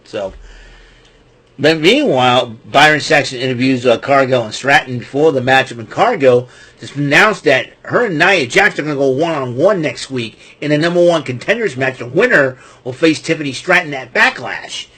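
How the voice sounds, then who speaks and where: A man giving a rambling, casual wrestling recap, chuckling often and filling pauses with ums and restarts. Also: mid-range voice, lively intonation, fairly bright tone, slightly rough.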